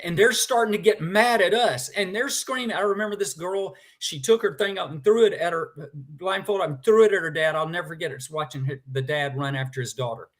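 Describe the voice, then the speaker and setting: A man's voice: sits high, fairly quick, few pauses. A man, a guest in a conversation, telling a personal story with feeling and animation.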